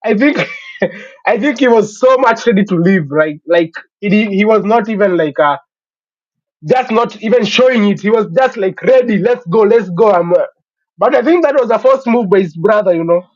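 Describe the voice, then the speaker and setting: A man with a fairly high voice talks football in a casual, emphatic way, sure of his opinions and leaning on "you know" as he goes. The sound is muffled and lo-fi. It is very dry, with no room around it. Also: lively intonation, normal speed, dry recording. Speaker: sports talk stream host.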